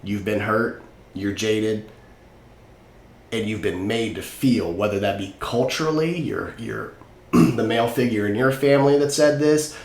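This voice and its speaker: A man hosting a podcast, talking earnestly and candidly about emotions, now and then swearing casually. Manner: candid and earnest, swears casually, rises high when impassioned. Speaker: podcast host. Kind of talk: casual solo talk on mental wellness. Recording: echoey room with faint background noise.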